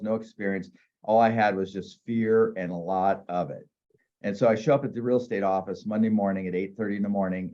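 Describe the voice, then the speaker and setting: A man's voice: low voice, warm tone, dull audio. A man in his fifties from northeast Ohio, a real estate agent telling candid, self-deprecating stories in a casual interview.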